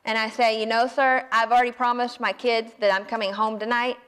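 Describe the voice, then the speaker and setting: A woman in her late twenties with a Southern American accent, telling a personal story in a folksy, animated way. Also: a little high, a little fast, smooth, big-room sound. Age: 20s. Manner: folksy, animated, self-deprecating. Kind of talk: personal story told to an audience.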